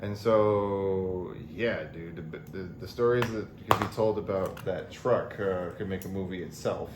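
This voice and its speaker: A laid-back young man with a fairly low voice, reminiscing and swearing casually. The echoey room carries a faint hiss. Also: measured pace. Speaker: podcast co-host. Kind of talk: casual chat.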